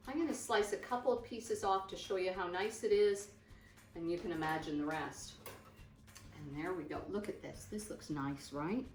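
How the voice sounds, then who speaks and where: A woman's voice: on the low side, echoey room, recorded from a distance. Chatty woman demonstrating a recipe. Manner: chatty, warmly enthusiastic, repeats "nice" and "beautiful". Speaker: cooking show host. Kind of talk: cooking demonstration. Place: kitchen.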